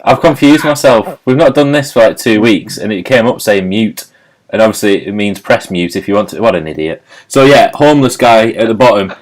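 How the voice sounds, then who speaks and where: Guy hosting a live video chat, lowish voice, jokey, laughing a lot. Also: a little fast. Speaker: host. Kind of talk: casual online chat show. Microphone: video call.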